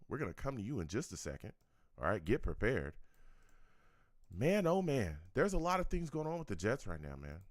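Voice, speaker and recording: A man's voice: on the low side, fairly bright tone, dry recording, clean studio sound. A man hosting a live-streamed sports talk show, answering the chat and talking animatedly, repeating himself and laughing often.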